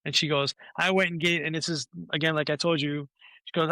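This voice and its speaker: A man's voice: a little high, level tone, brisk, sharp tone, no echo. A man in his forties, a podcast guest, telling a long anecdote in casual talk, swearing freely and acting out what other people said. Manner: swears freely, acts out quoted voices.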